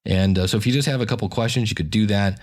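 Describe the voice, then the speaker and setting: A man's voice: on the low side, quick pace, darkish tone. A man hosting a podcast, giving a friendly, chatty sign-off with plugs and reminders. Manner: friendly, chatty promo with fillers. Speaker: podcast host.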